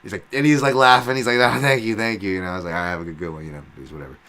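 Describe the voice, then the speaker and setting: A man hosting his own podcast, talking casually and profanely, rambling with fillers and restarts, and getting loud when excited. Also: sits low, rapid-fire. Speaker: podcast host.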